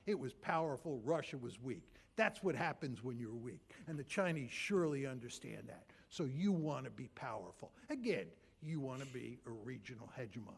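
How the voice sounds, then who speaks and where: A man giving a lecture to an audience, blunt and emphatic, driving points home with rhetorical questions and repetition. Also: on the high side. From United States.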